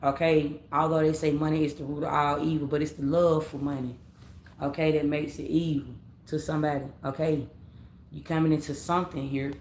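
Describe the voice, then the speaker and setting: A woman's voice: low-pitched, level tone, a little fast, darkish tone. A woman reading tarot on a late-night live stream, talking casually in slang, rambling, repeating herself and calling her viewers family. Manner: rambling, repeats phrases, scolds commenters. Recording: roomy echo with faint background noise.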